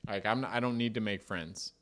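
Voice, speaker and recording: A man's voice: on the low side, normal speed, fairly bright tone. A young man co-hosting a podcast, telling a rambling, self-deprecating story in casual talk with the odd swear word.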